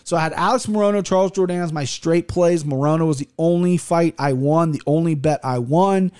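Man, 30s, podcast host, casual chat, profane, rambling, slightly high voice. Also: fairly quick, clean tone. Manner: profane, rambling and animated, with frequent restarts.

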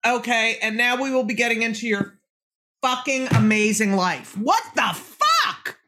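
A woman's voice: a little high, steady tone, normal speed, a bit bright, slight background noise. A woman in her forties hosting a casual interview, brash and joking, swearing freely, with a phlegmy throat. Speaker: podcast host.

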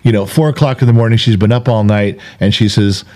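A man's voice: on the low side, fast, darkish tone. A man hosting a candid conversational interview, talking earnestly and emphatically, often repeating himself for weight. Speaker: podcast host.

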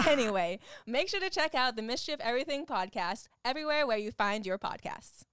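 A woman reads a scripted podcast promo in an upbeat way. Her voice is smooth and resonant, and slightly high. The recording is dry and close. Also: lively intonation, a little fast, a bit bright, no room sound. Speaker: podcast host in an ad.

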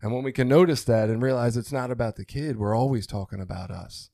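A man co-hosting a podcast talks fast in a mellow, medium-pitched voice, recorded with clean studio sound and no echo. He speaks candidly and earnestly about his relationship, swearing freely.

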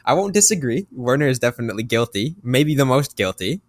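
A man's voice: medium pitch, sing-song, fairly quick, no room sound. A man co-hosting a casual sports podcast, rambling through his points with many repeats and fillers. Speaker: podcast co-host.

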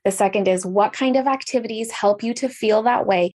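A woman's voice: mid-range voice, brisk, a little mellow. A woman telling her story in a casual podcast conversation, with sudden jumps up in her voice for emphasis.

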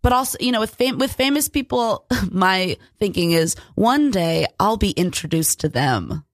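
Young woman guest, relaxed chat with fillers and laughter, dry and close. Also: medium pitch, moderate pace, dry recording. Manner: chatty, laughs often, many fillers. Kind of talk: casual chat.

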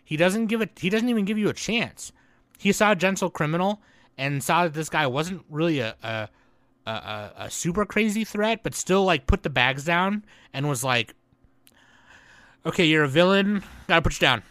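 Man, podcast co-host, loud profane rant, bright forceful tone, dry close sound. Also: on the high side, lively intonation, normal speed, no room sound. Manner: ranting, loud, profane, swings between shouting and muttering. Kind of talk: casual chat.

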